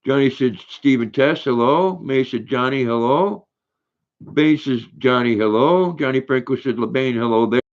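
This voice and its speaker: A man's voice: mid-range voice, moderate pace, lo-fi sound. An older man hosting a casual livestream, chatting and reading viewer comments aloud while talking to his dog. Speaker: livestream host.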